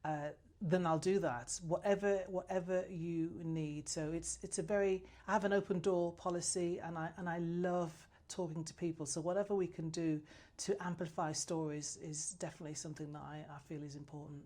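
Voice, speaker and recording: A woman's voice: lowish voice, steady tone, a little fast, dark tone. A woman answering interview questions as a new business chamber president, passionate and effusive, with frequent restarts.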